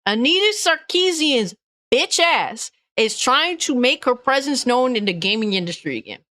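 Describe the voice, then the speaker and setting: A woman's voice: high-pitched, animated, normal speed, bright, forceful tone, dry recording. A woman gaming news streamer ranting angrily and bluntly, swearing often and reading chat comments aloud. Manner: angry, profane, blunt.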